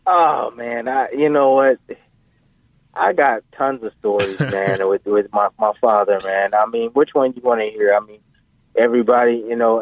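Male phone-in guest, rambling storyteller, flat dry phone sound. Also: medium pitch, dry recording. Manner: animated, rambling, full of fillers. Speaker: guest, professional boxer. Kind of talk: casual storytelling interview. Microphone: phone call. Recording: tinny phone line.

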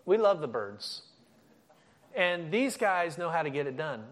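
A man's voice: on the high side, measured pace. A middle-aged man giving a sermon as a guest speaker, telling stories with energy and often restarting his sentences. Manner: animated storytelling with frequent restarts.

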